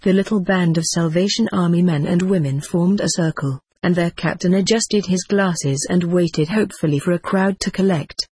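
Narrator, husky, measured, wry, dry recording. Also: mid-range voice, a little mellow, no room sound. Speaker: audiobook narrator. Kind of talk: scripted narration.

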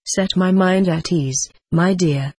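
A woman voicing an ailing, devout widowed mother who speaks slowly and tenderly, read as part of an audiobook. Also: fairly low pitch, darkish tone, breathy edge, no echo. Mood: anxious. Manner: slow, tender, pleading. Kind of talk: audiobook character reading.

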